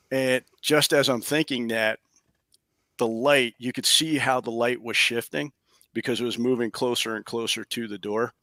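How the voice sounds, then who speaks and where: A man, a paranormal investigator, telling a story in animated, casual fashion from his home office over a video call, chuckling as he goes. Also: medium pitch, moderate pace, no room sound.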